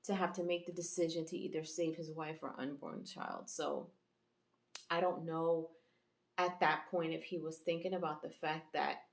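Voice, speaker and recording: A woman's voice: low-pitched, flat delivery, moderate pace, reverberant. A woman host giving a casual, chatty episode review, rambling with fillers and restarts. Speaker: YouTube reviewer and channel host.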